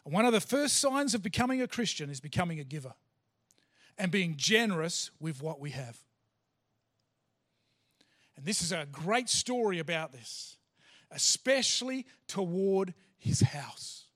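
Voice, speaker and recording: Aussie pastor guy, really high voice, preaching hard, keeps repeating lines. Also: lively intonation, unhurried, long pauses, fairly bright tone. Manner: emphatic, repeats phrases, self-restarts. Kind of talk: sermon. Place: church hall.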